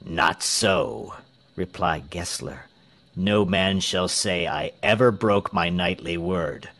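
A man's voice: low-pitched, slow, creaky, fairly bright tone, full character voice. A man reading a storybook, voicing a stern male tyrant governor who speaks in a cold, commanding way.

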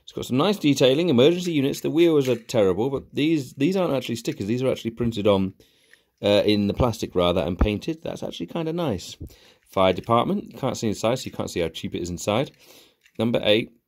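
A man's voice: mid-range voice, animated, brisk, darkish tone. A young man giving sarcastic, exasperated casual commentary while reviewing cheap toys. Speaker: toy reviewer.

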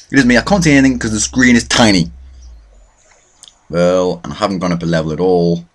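A man's voice: low voice, normal speed. A young man hosting a let's play, commentating his own matches with self-mocking, mock-boastful trash talk. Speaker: gaming channel host.

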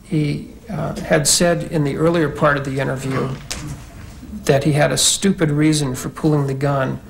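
A male psychiatrist testifies in court in a careful, clinical way. His voice is gravelly and flat, with little rise or fall, and faint room noise sits behind him. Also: a little high, moderate pace. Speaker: psychiatrist, expert witness.

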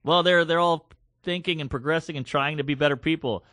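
Male comedian co-host, bright, slightly high voice, blunt and animated. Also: fairly quick, no echo, clean studio sound. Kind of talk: casual chat, storytelling.

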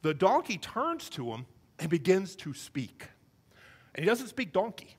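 A male pastor preaching a sermon, telling the story with animated, comic acted-out voices. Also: sits high, measured pace, husky.

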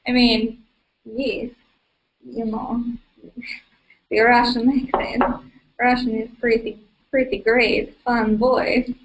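A young woman with a high voice chats through a live question-and-answer stream, stumbling over fillers and laughing easily. The recording is a low-quality stream copy. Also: little pitch movement, takes it slowly, pauses often, highs cut off. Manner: chatty, filler-heavy, giggly. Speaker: livestream host. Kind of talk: casual live Q&A.

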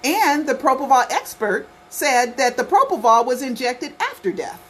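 A woman's voice: sits high, very animated, moderate pace, a bit bright, a little hiss or hum. A woman vlogging to her camera at home, talking insistently and repeating herself, with lots of "okay" and "right" as she goes. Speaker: conspiracy documentary vlogger. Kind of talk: casual talk to camera.

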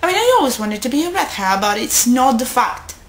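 A young woman vlogging casually to her friends, rambling and excitable, often stopping to correct herself. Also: a little high, brisk. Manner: rambling, excitable, with self-interruptions. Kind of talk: casual chat to camera. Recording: echoey room.

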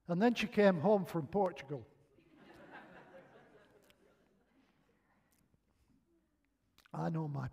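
A man's voice: high voice, creaky. An older man with a Northern English accent, preaching in a chatty, self-mocking way and acting out the lines of his own stories. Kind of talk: humorous sermon storytelling. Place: church hall.

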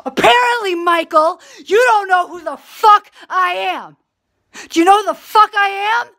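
A woman's voice: a little high, big pitch swings, unhurried, fairly bright tone. A woman voicing a furious, entitled woman who screams and swears while demanding money, near tears. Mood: screaming rage.

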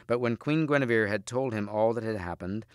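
Smooth low-voiced man reading a storybook. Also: no room sound, clean studio sound. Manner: steady, measured reading aloud. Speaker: teacher reading aloud. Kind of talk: audiobook storybook narration.

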